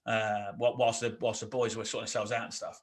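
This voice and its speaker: A man's voice: fairly low pitch, brisk. A man co-hosting a podcast, telling army stories in a chatty, self-mocking way. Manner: chatty, animated when quoting, self-mocking. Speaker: podcast co-host, ex-army officer. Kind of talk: casual conversational storytelling.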